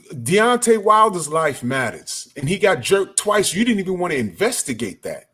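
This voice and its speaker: A man's voice: high-pitched, very animated, normal speed, a bit bright, slightly rough. A man giving an angry, profane rant as a boxing commentator. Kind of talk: ranting commentary.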